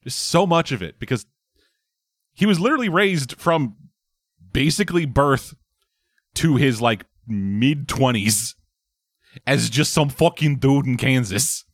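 A man's voice: medium pitch, lively intonation, a little slow, long pauses, no echo. Emphatic swearing man, dry close sound. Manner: emphatic, swears a lot, stammers. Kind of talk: casual chat about films.

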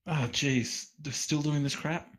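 Aussie guy on a podcast, kinda high voice, lots of ums and restarts. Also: steady tone, fairly bright tone, low-quality recording. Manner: halting, many fillers and restarts. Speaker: podcast guest. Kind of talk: casual chat.

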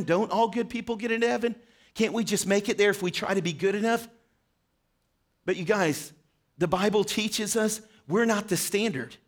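High-voiced earnest male preacher. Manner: earnest, questioning, direct address. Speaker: pastor. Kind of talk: short sermon.

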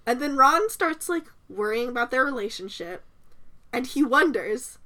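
A woman with a high, bright voice co-hosts a casual podcast chat. She recaps a story in a deadpan way, with plenty of ums and uhs. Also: normal speed. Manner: deadpan recapping, reading quotes aloud, filler-heavy. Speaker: podcast co-host.

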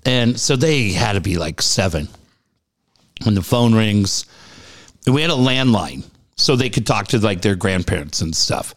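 A man's voice: fairly low pitch, expressive, measured pace. A middle-aged man telling a story in casual chat, jumping into the voices of the people he quotes.

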